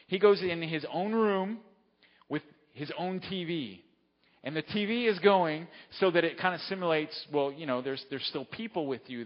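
A man preaching a sermon, telling a story in a conversational way and often checking in with his listeners. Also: a little high. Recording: dull lo-fi sound with long hall reverb.

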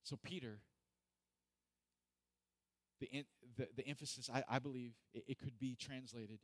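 A man's voice: medium pitch, fairly even intonation, normal speed, pauses often, dry recording. A man preaching a sermon, earnest and repetitive, building to emphatic peaks.

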